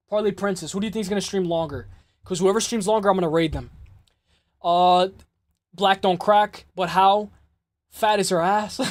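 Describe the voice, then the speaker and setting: High-voiced man hosting a fight stream. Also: no room sound. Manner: loose, swearing, reads chat aloud. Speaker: host of a live MMA stream. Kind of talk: casual live-stream chat.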